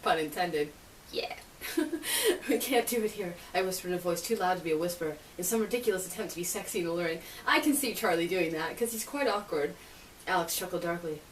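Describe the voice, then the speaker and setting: A woman's voice: on the low side, animated, brisk. A young woman vlogging casually, chatty and giggly, with sarcastic asides while reading aloud. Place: bedroom, spinning in a chair. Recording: roomy, distant, faint hiss.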